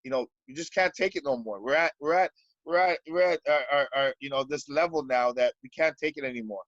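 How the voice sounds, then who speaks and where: A man's voice: mid-range voice, brisk, fairly bright tone, dry recording, dull audio. A Canadian basketball coach in a podcast interview, speaking earnestly and stumbling over repeated words as he searches for them.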